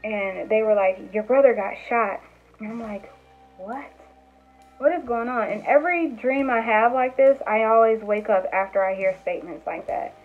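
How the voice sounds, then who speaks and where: A young woman vlogger casually telling stories about her dreams to camera, chatty and earnest, with lots of "like" and restarts. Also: mid-range voice. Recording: tinny phone-like sound with faint music.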